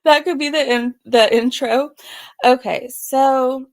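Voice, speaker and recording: A woman's voice: high-pitched, fairly even intonation, takes it slowly. A woman hosting a casual reaction commentary, making amused and incredulous asides. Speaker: commentary channel host.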